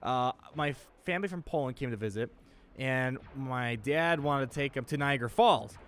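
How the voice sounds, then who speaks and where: A young man co-hosting a casual gaming chat, jokey and rambling, quick to laugh. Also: medium pitch, fairly bright tone. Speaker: podcast co-host.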